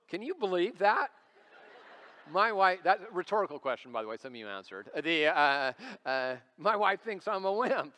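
A man's voice: medium pitch, lively intonation, fairly quick, pushed and bright, clean tone. A man in his forties preaching a sermon as lead pastor, conversational and storytelling with self-deprecating humor, recorded live in a church. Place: church sanctuary. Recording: church hall reverb.

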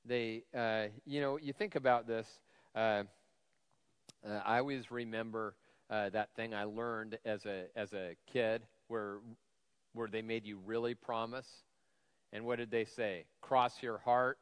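A man's voice: fairly low pitch, steady tone, measured pace, clean tone. A male lead pastor giving a conversational sermon with a slightly whiny voice, self-deprecating humor and frequent fillers. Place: church sanctuary. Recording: long hall reverb.

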